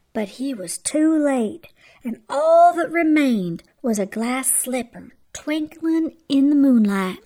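A woman hosting a children's radio show, telling a bedtime story gently and sometimes dropping to a whisper. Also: high voice.

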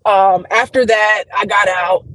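A woman's voice: medium pitch, measured pace, slight background noise, poor audio. Young woman telling a wild story. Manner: animated, profane, slangy storytelling. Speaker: podcast guest. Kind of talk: casual storytelling chat.

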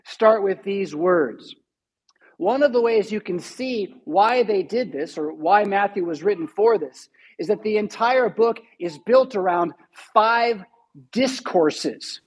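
A man's voice: high-pitched, a little slow, slightly rough, poor audio. A male pastor giving a sermon in a church, teaching steadily and stressing key words. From United States.

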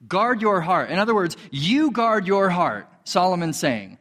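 A man preaching a sermon as a pastor, animated, acting out quoted voices. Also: normal speed, hardly any pauses, big-room sound. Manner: animated, acts out quoted voices in a higher pitch.

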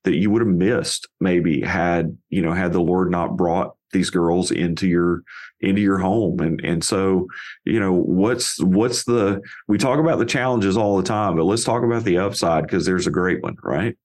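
Deep-voiced guy hosting a podcast, kinda halting, searches for words. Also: a little mellow. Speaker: podcast host. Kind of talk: casual podcast interview.

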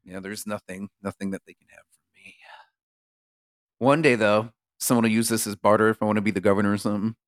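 A man's voice: lowish voice, fairly even intonation, quick pace, no echo, studio quality. A man from Maine co-hosting a podcast in casual, profane banter, laughing often. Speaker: podcast co-host. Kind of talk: casual chat.

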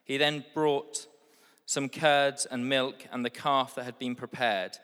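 A man in his forties reading scripture aloud with steady, deliberate narration. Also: medium pitch, clean tone. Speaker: scripture reader. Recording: long hall reverb.

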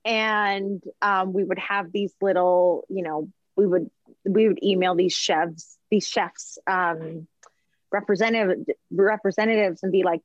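A woman chatting casually as a podcast guest, telling stories in an animated, rambling way and dropping in lots of fillers. Her voice is mid-pitched and sits close to the mic with no room sound. The recording is slightly dull and lo-fi. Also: measured pace, no echo. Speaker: chef and food journalist, podcast guest. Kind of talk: casual storytelling chat.

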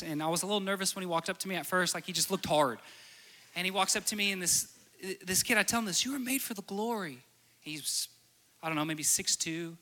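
A man's voice: sits high, bright, forceful tone. A man preaching a sermon with stories, earnest and repeating phrases for emphasis. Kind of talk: sermon with storytelling.

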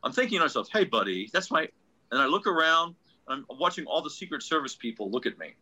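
A man tells showbiz anecdotes in a husky voice with a bright, forward edge. His pitch swings widely as he acts out the people in his stories, and he restarts sentences often. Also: quick pace, poor audio. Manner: animated storyteller, restarts often, acts out quotes. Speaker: ventriloquist guest. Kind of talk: casual anecdote telling.

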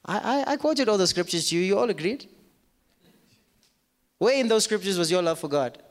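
A man's voice: high-pitched, expressive, moderate pace. A male pastor preaching a sermon to a live congregation, firing rhetorical questions at them and acting out their doubts in quoted voices. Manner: acts out listeners in quoted voices. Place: church auditorium with live congregation. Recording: reverberant church hall.

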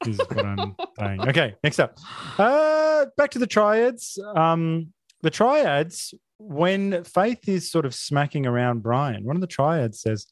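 A man hosting a film podcast, talking in a sarcastic, mock-outraged deadpan. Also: on the high side, takes it slowly, no room sound, studio quality. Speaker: podcast host. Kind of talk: casual film review chat.

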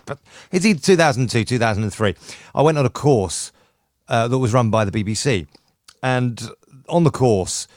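A man's voice: lowish voice, no room sound, studio quality. A middle-aged man from the United Kingdom, a radio presenter chatting enthusiastically as a podcast guest and telling stories with many restarts. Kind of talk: casual chat.

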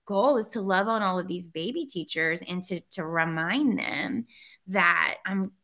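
Woman educator, bright, easygoing storyteller; interview guest. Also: fairly low pitch, measured pace. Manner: chatty storyteller, lots of fillers and laughs. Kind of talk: casual interview conversation.

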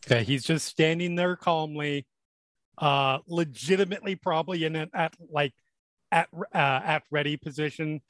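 A man playing a tabletop game, calmly describing what his character does. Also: fairly high pitch, normal speed, no room sound. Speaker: player. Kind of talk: casual tabletop game play.

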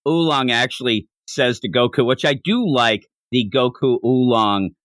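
A man hosting a podcast, recapping a comic chapter in casual chat with a rambling, animated way of telling it. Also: mid-range voice, unhurried, dry recording. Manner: rambling, animated retelling with frequent restarts. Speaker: podcast host.

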